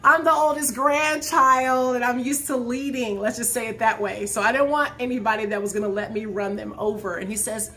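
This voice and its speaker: Woman, 40s, live talk show host, animated storyteller, laughs often, addresses viewers, bright forceful voice. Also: a little high, fairly quick, hardly any pauses. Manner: speaks straight to her viewers. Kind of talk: casual storytelling to a live chat.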